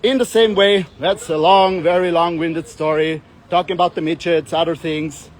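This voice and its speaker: A man's voice: a little high, steady tone, moderate pace. A young man talking casually as a self-development coach, rambling and joking, often acting out the voices of the people he describes. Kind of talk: casual monologue with playful voice demonstrations.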